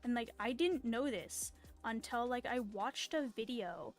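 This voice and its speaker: With a fairly high voice and lively intonation, a female streamer talks unhurriedly as she draws. Her casual chat rambles into tangents over faint background music.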